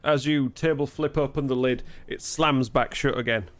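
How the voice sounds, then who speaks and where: A man's voice: mid-range voice, steady tone, normal speed. A man with a Northern English accent narrating as dungeon master, explaining rules patiently and teasing his players. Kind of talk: narrating a tabletop game.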